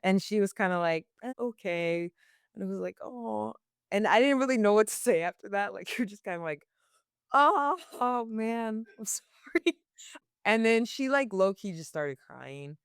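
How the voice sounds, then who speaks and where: A woman's voice: medium pitch, lively intonation, moderate pace, creaky, clean tone, no room sound, clean studio sound. A young woman working as a barista, answering interview questions casually with many "like" fillers and frequent laughs.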